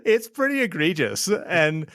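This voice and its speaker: A man's voice: high-pitched, big pitch swings, unhurried, fairly bright tone, dry recording. Male co-host, joking and sarcastic, dry close-miked sound. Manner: joking, laughs a lot, sarcastic. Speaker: podcast co-host. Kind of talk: casual recap chat.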